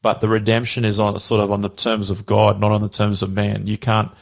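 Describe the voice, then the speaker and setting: A man's voice: fairly low pitch, monotone, a little fast, gravelly. A man casually explaining a Bible passage, animatedly acting out the quoted dialogue.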